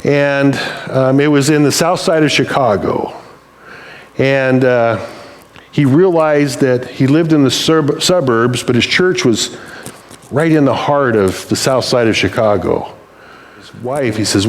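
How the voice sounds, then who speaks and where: A man's voice: medium pitch, measured pace. A male pastor giving a conversational, humorous sermon and acting out little quotes.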